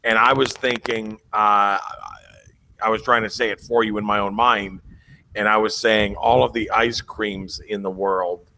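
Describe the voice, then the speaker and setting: A man's voice: lowish voice, flat delivery, measured pace, vocal fry, pushed and bright, rough recording. A man hosting a casual online talk, jokey and emphatic, asking his guests questions. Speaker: host.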